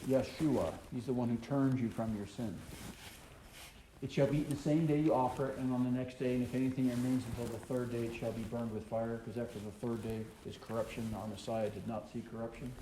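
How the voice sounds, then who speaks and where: Man, Bible teacher, reads verses then explains, mellow voice, roomy echo, faint hiss. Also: medium pitch, fairly even intonation, brisk. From American South. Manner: reads scripture aloud then explains it, with many ums and uhs. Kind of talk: Torah study teaching. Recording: echoey room with faint noise.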